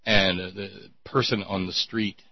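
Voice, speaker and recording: Sardonic rambling man, husky voice. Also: low-pitched, fairly even intonation, a little slow, muffled recording. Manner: rambling, sardonic, with many restarts. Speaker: talk show host. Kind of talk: casual call-in show banter.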